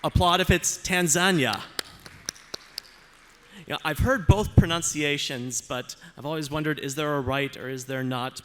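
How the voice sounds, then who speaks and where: A man delivering a conference keynote speech on stage, upbeat and joking as he speaks straight to the audience. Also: medium pitch.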